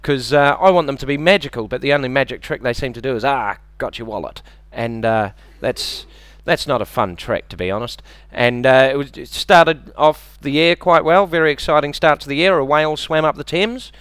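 A man with a New Zealand accent doing a deadpan, self-deprecating stand-up set and bantering with the audience on a club stage. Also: mid-range voice, a little fast, few pauses, clear, resonant tone, dry recording. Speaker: stand-up comedian. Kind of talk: stand-up comedy routine.

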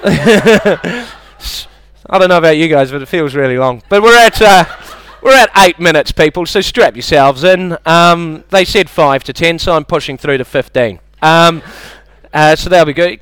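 A man's voice: on the high side, lively intonation, normal speed, a bit bright, clean tone, dry recording. A man with a New Zealand accent doing a stand-up comedy set, chatty and self-mocking, slipping into silly impressions.

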